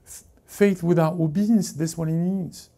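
Male pastor preaching in church, deep mellow timbre, stop-start delivery that corrects itself as it goes. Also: steady tone, gravelly. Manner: halting, self-correcting preaching with many restarts. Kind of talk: sermon. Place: church service before a congregation.

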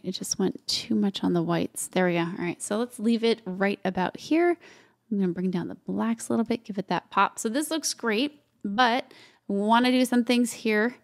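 A woman's voice: mid-range voice, vocal fry. A woman hosting a casual photo-editing tutorial, talking viewers through each step as she works and throwing in chatty asides. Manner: chatty, talks while working, with asides to viewers.

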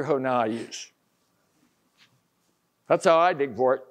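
A man's voice: medium pitch, unhurried, long pauses. An older man from Ohio preaching an informal sermon, folksy, telling stories and acting out the voices he quotes.

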